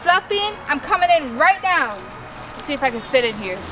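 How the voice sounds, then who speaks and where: Playing with her toy llamas, a young woman vlogger talks animatedly to them and to her viewers. She speaks in a high voice at normal speed; the audio sounds roomy, with background noise.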